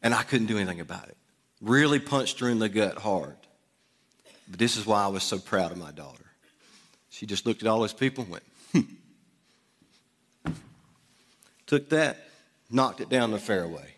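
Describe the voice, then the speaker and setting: A man's voice: lowish voice, animated, fairly quick, a bit bright. A middle-aged man preaching in a church, telling a personal story conversationally with asides to the congregation. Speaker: pastor. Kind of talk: storytelling sermon. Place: church sanctuary. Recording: long hall reverb.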